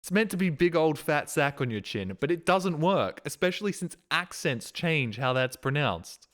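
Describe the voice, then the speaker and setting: A man's voice: fairly high pitch, expressive, moderate pace, a bit bright. A man streaming a game live, rambling and swearing in casual commentary, often laughing.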